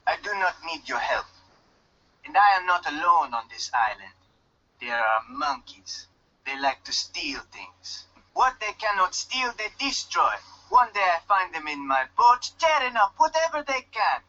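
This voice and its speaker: A wary, stranded fisherman in a video game, with a put-on Jamaican accent and stiff, clipped phrasing. The voice sits a bit high and rings bright. The game audio is dull and lo-fi. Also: big pitch swings, a little slow, exaggerated voice. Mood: gruff. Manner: stiff and curt, no contractions. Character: guarded loner fisherman marooned on an island.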